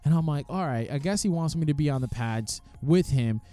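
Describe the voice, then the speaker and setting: A man casually telling the story of his amateur boxing match, lively and animated, acting out the quoted voices and swearing freely. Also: fairly high pitch, brisk, soft background music.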